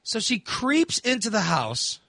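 Animated high-voiced man telling stories. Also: a little slow, creaky, dry recording, clean studio sound. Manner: animated storytelling with laughs and voiced asides. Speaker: podcast host. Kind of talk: casual chat.

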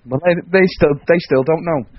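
A man's voice: fairly high pitch, moderate pace, no room sound. A man with an English accent, co-hosting a casual radio chat with dry, teasing one-liners. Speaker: radio co-host. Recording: dull lo-fi radio recording.

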